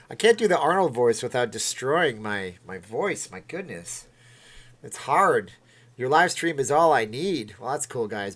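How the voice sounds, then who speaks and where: Man, livestream host, casual chat, rambling, very animated pitch. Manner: rambling, chatty, reacting aloud to chat. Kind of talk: casual livestream chat, reading viewer comments.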